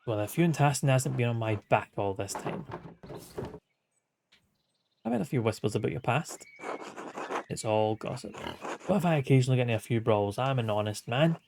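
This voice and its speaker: A hardworking village man with a blunt, grumbling manner turns defensive and evasive, as a man reads him out. The voice sits at an ordinary middle pitch. A steady background noise runs under the recording. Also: moderate pace, creaky, long pauses.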